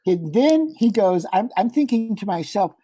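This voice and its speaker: A middle-aged man, a podcast guest, telling a personal story in a lively way and acting out the dialogue. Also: sits high, normal speed, husky. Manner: animated, acts out quoted dialogue. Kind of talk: conversational storytelling.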